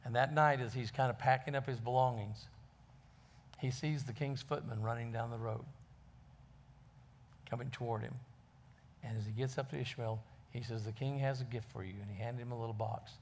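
A man's voice: medium pitch, fairly even intonation, moderate pace, pauses often, a little hiss or hum. A man preaching a sermon and telling a story in a folksy way, with fillers.

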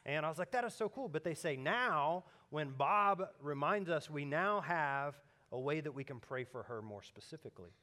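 A man preaching a sermon, animated in his stories and turning hushed and earnest when he appeals to his listeners. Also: on the high side, moderate pace, hardly any pauses. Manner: animated storytelling, swings between loud emphatic peaks and hushed earnest appeals. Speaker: pastor.

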